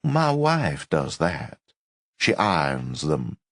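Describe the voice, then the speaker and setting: A stern, pompous chief resident with a soft Southern accent, put on by a male audiobook narrator. He talks slowly and condescendingly, rising and falling sharply in pitch. The voice sits low and sounds dry and close. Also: wildly swooping pitch, gravelly, no room sound, exaggerated voice. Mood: smug. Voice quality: slow, clipped, condescending drawl.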